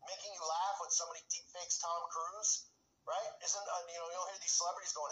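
A man's voice: sits high, steady tone, fast, bright, forceful tone, reverberant, rough recording. A man ranting in commentary style, agitated, often tagging his points with "right?". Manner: agitated, repeats "right?" often, mocks quoted people. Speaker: commentary channel host.

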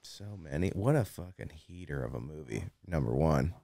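A man co-hosting a talk show in a relaxed, casual chat, laughing often. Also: very deep voice, moderate pace, creaky.

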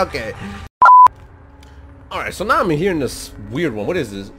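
Excitable man with a lively, swinging voice. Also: mid-range voice, normal speed, pauses often, soft background music. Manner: excitable, jumps into loud outbursts, slangy. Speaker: gaming channel host. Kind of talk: let's-play gameplay commentary.

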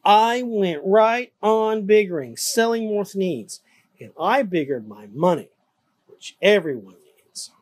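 A storyteller reads a rhyming picture book aloud with a sing-song lilt, the pitch rising and falling a lot. The voice has a husky, breathy edge. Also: lively intonation, slow.

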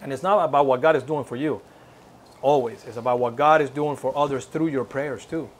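A man's voice: medium pitch, a little fast. A man telling a personal testimony at a church service, reenacting the dialogue and urging listeners on earnestly. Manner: earnest, exhorting. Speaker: church speaker giving a testimony.

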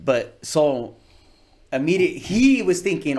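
A man's voice: medium pitch, a little fast. Slangy Chicano man telling stories. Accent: Chicano English. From California. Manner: streetwise slangy storytelling, swears a lot, acts out voices. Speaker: comedian guest. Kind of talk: casual podcast interview storytelling.

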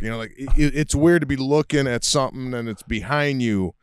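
A man's voice: mid-range voice, a little fast, few pauses, smooth, no room sound, clean studio sound. A man co-hosting a podcast in casual chat, rambling with restarts and frequent swearing. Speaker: podcast co-host.

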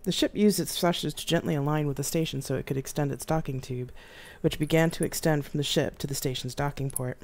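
Woman author, low voice, expressive first-person reading live on stream. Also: a little fast, few pauses. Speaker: author reading her novel. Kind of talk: live reading of her own sci-fi novel. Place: home streaming setup.

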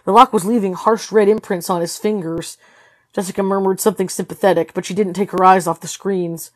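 A woman reading a novel aloud as a tired read-along host, steady with occasional slips and corrections. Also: medium pitch, brisk, dry recording. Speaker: storybook reader.

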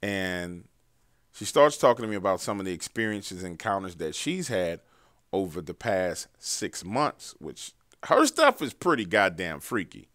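Male host, casual horror storyteller, loose and profane, bright forward tone, low-ish voice, dry close sound. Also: very animated, a little slow, dry recording. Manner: loose, profane, conversational retelling of callers' stories. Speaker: host of a paranormal story show. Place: in a car while driving.

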